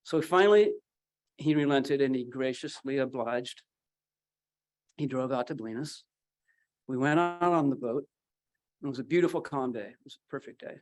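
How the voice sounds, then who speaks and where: At a memorial gathering, a man from Northern California tells a personal story, acting out the voices of the people in it. His medium-pitched voice moves at a moderate pace with frequent pauses.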